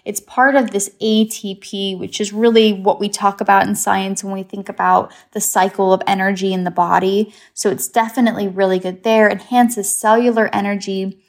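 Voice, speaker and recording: Upbeat English-born woman explaining. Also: mid-range voice. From England. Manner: upbeat, explanatory, uses memory tricks. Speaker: guest expert. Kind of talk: casual chat.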